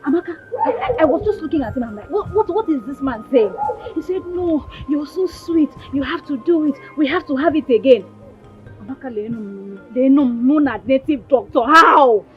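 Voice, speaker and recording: A woman's voice: high-pitched, expressive, normal speed. An actress playing a frustrated young village woman, speaking with a Nigerian accent and complaining angrily to her friend. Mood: exasperated. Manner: agitated, exasperated. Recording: dull sound with loud music behind.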